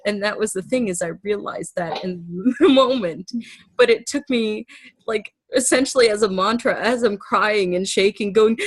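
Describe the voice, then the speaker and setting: A woman casually telling a personal story in conversation, animated and laughing often. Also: mid-range voice, moderate pace, no echo.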